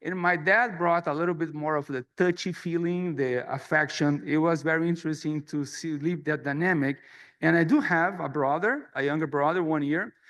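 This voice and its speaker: A middle-aged Brazilian man, president of a society, addresses a conference hall with a Brazilian Portuguese accent. His voice is on the high side and a bit bright, and his presidential speech is earnest and self-deprecating.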